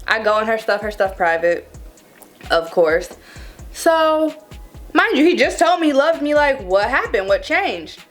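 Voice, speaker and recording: A young woman in her twenties telling a casual storytime to her viewers, dramatic and animated, calling them y'all. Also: on the high side, measured pace, soft background music. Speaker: vlogger.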